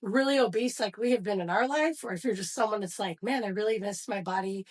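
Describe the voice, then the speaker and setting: Bubbly husky-voiced female coach. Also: mid-range voice, fast. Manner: bubbly, animated storyteller. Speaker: gym coach and podcast co-host. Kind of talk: casual podcast chat.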